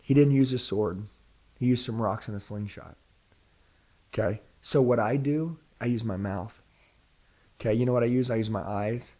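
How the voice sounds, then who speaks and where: A man with a husky voice and a darker, mellow tone pushes a motivational pitch. He is direct and preachy and fires off one rhetorical question after another. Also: moderate pace, long pauses. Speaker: sales trainer, podcast guest.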